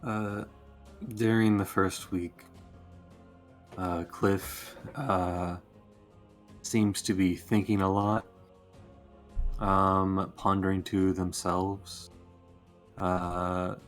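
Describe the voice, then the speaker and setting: Slow low-voiced man player. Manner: slow, halting, many fillers. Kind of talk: describing his character in a tabletop game.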